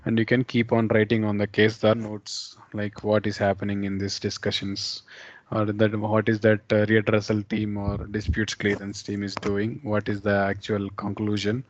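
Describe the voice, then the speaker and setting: Man, low and level, screen-share software tutor, explains patiently with restarts; muffled call audio. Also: no echo. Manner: explanatory, repeats terms, fillers and restarts. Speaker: software instructor.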